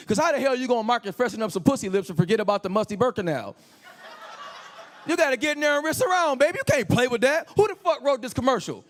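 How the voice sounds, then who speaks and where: Speaking in a very high voice, a male comedian gives an animated stand-up set of crude stories, holding a mic on a comedy club stage.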